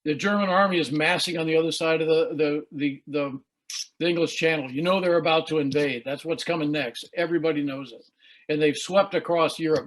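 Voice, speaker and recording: A man's voice: a little high, poor audio. A man in his sixties from the United States, giving an earnest leadership talk over a video call, telling stories and getting emotional at times. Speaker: guest speaker.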